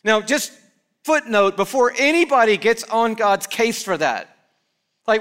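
Male pastor, high clear voice, lively preacher in a church. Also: measured pace. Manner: animated preaching, acting out quoted prayers. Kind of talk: sermon.

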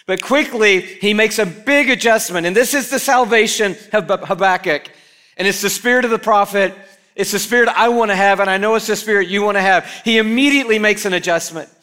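A man preaches a sermon with a bright, crisp tone that sits high in his range. He is animated and keeps slipping into the voices of the people he quotes. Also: fairly quick. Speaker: pastor. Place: church.

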